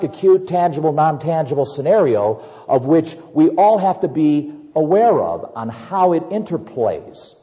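A man preaching a sermon, acting out everyday worries with lively repetitions and asides. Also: on the high side. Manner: animated, acts out worried scenarios with repetitions. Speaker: pastor. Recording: lo-fi recording with long reverb.

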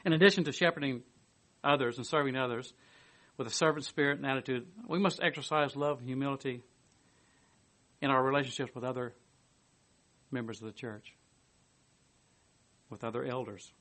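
A man giving a sermon, reading a commentary aloud and adding his own asides, moving between emphatic bursts and quiet, hushed stretches. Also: mid-range voice, fairly quick, pauses often. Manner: lively, swings from emphatic to hushed. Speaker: preacher.

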